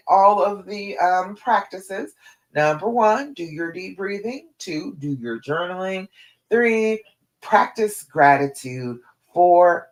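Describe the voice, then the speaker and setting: A woman's voice: low voice, low-quality recording. Direct, encouraging woman coach. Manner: direct, encouraging, repeats key points. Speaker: relationship coach. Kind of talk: live stream coaching talk.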